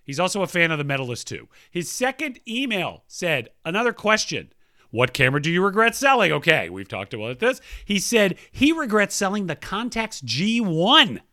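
A man's voice: sits high, big pitch swings, moderate pace, pushed and bright, no echo, clean studio sound. A man co-hosting a podcast, reading listener emails aloud in a playful, casual way and laughing often. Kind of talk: casual chat.

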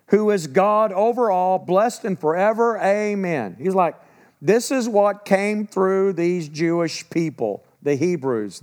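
A middle-aged man with a fairly high voice preaches a sermon. He reads scripture steadily, then drops into loose, conversational explanation. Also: darkish tone. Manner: reads verses then breaks into casual asides.

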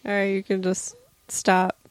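A woman speaks slowly and deliberately in a casual chat, explaining her view plainly. Her voice is dry and close to the mic. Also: medium pitch, completely flat delivery, clear, resonant tone, dry recording.

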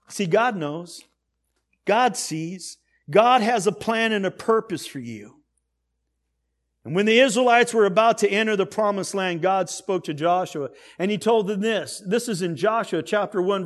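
A man preaching a sermon as pastor, swinging from hushed, intimate lines to loud, emphatic ones. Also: high-pitched.

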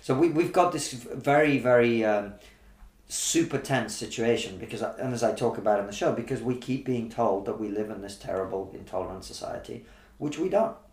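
A man's voice: mid-range voice, a little fast, reverberant. A comedian from Russia talking in a casual conversation, arguing his point with lots of rhetorical questions. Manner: animated, argumentative, rhetorical questions. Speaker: comedian guest.

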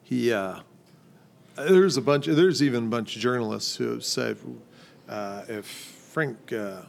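A man's voice: medium pitch, unhurried, vocal fry. A man in his fifties chatting casually on a podcast, rambling and hesitant, with many fillers. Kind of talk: casual chat.

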